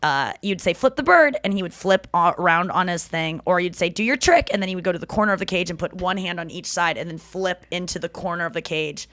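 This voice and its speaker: Candid woman podcast host, low voice. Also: fairly even intonation, fast, hardly any pauses, fairly bright tone, no echo. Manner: candid, crude, playful storytelling. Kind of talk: casual chat.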